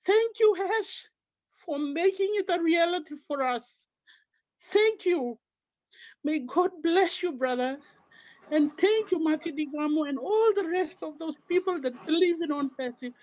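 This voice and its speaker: Her pitch extremely high and her tone darkish, a middle-aged woman from Papua New Guinea speaks a little slowly as she earnestly recounts her story of faith to her team over an online call. The sound is lo-fi and free of echo.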